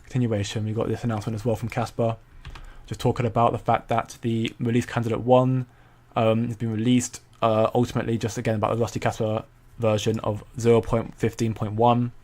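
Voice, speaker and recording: A man's voice: mid-range voice, flat delivery, a little fast, darkish tone. A young man hosting a casual crypto commentary stream, rambling with many stumbles and repeated words while reading viewer comments. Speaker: crypto channel host.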